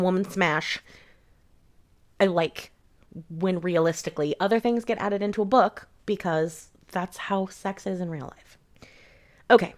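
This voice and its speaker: Woman with a lowish voice doing a sweary sarcastic book rant, super blunt. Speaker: book reviewer. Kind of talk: casual rant review.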